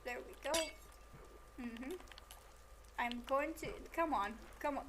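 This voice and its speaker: A woman's voice: sits high, slow, long pauses, fairly bright tone, a little hiss or hum. A woman streamer giving casual commentary while building in a game, talking to the game and repeating herself when it won't cooperate. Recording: game music playing underneath.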